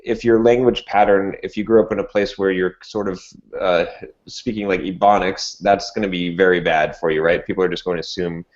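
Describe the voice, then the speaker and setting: A man's voice: sits low, steady tone, a little fast. A man co-hosting a casual podcast, giving his opinions with lots of fillers and restarts. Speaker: podcast co-host. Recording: dull lo-fi audio.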